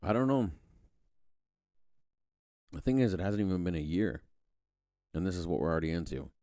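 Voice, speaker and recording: A man's voice: deep voice, fast, mellow, no room sound, clean studio sound. A man hosting a podcast, rambling through a casual political monologue with frequent restarts and casual swearing. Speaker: podcast host.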